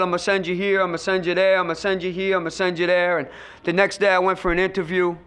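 A man giving personal testimony at a recovery meeting. He tells his story with lively acted-out dialogue and drops to a hush at times. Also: sits high, clean tone. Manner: storytelling, acts out quoted voices, swings between loud and hushed.

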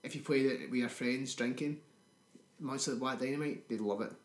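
A man's voice: medium pitch, normal speed. A man, co-hosting a podcast and trading crude jokes in casual film-review chat. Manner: crude, joking banter. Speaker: podcast co-host. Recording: roomy echo.

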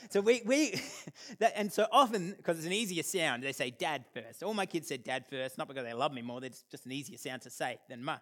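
An Australian man in his thirties giving a storytelling talk to an audience, animated and self-deprecating, acting out the voices in his stories. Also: a little high, brisk. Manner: animated, self-deprecating humour with acted-out quotes. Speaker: speaker.

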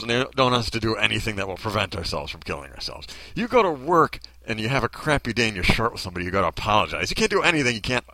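A man's voice: lowish voice, sharp tone, no room sound. A man delivering a bitter, sarcastic ranting monologue full of rhetorical questions.

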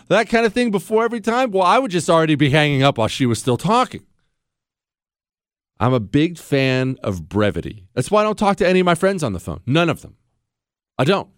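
A man in his forties runs his own talk radio show in a brash, sarcastic monologue, with a slightly high voice. He bounces between mockery and deadpan asides. The studio sound is dry and close. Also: no echo. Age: 40s. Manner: sarcastic, brash, fast-shifting, mock-acts callers.

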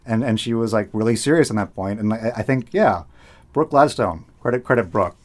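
A man's voice: lowish voice, brisk. A man who hosts public radio, talking in casual conversation and often repeating words as he thinks aloud. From United States. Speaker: public radio host, guest.

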